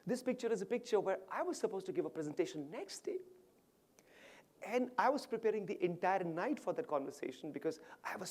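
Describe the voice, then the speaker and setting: A man on stage voicing a grieving widow in her fifties, hushed and tearful, sometimes dropping to a whisper. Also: a little high, husky.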